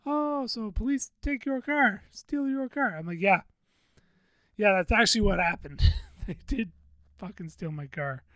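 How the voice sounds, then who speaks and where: A man's voice: medium pitch, no echo. A man hosting a podcast, telling a story in a rambling, profane, self-deprecating way. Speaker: podcast host. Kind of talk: casual venting monologue.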